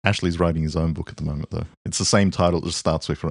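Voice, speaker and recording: A man's voice: sits low, steady tone, quick pace, gravelly, dry recording, clean studio sound. A man co-hosting a casual music podcast, playful, with many short agreeing replies. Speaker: podcast co-host. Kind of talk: casual chat about music.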